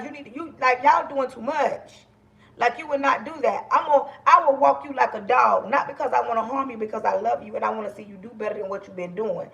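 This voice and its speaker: Woman, middle-aged, livestream host, gravelly voice, loud, passionate, preachy. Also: a little high, fast talker, highs cut off. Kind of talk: casual livestream talk to viewers.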